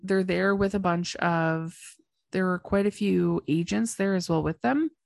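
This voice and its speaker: A woman's voice: on the low side, a little slow, creaky, a little mellow, dry recording, clean studio sound. A woman co-hosting a podcast, casually recapping a TV episode point by point in a chatty, emphatic way. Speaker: podcast co-host.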